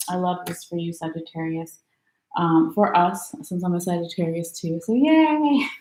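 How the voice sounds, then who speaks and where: A woman's voice: fairly low pitch, a little mellow, roomy sound, rough recording. A woman giving a casual live tarot reading, chatty and a little tired, laughing often and correcting her own slips. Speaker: tarot reader.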